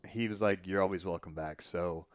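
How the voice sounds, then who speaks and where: A man telling a long story in casual conversation, animated and profane, often restarting his sentences. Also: low voice, normal speed, no room sound, clean studio sound. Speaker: podcast guest.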